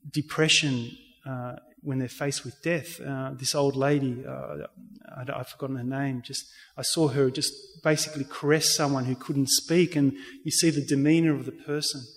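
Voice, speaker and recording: A man, speaking as an interview guest and telling an earnest personal faith story, with frequent restarts. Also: mid-range voice. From Australia. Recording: reverberant hall sound.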